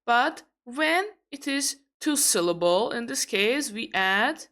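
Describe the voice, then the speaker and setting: In an online lesson, a young Azerbaijani woman teaches English grammar at an unhurried, measured pace, often pausing and correcting herself as she explains. Her voice sits on the high side, animated and fairly bright in tone.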